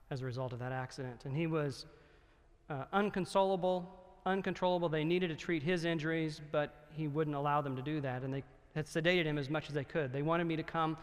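A middle-aged male pastor telling a story in a sermon, earnest and growing hushed and solemn. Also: a little high. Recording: long reverb of a hall.

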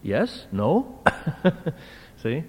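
A man's voice: fairly high pitch, huge pitch swings, very slow, mellow, slightly rough. A man teaching a class on a Greek text, talking conversationally and often checking in with "right?". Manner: conversational, keeps asking "right?". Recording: hall reverb.

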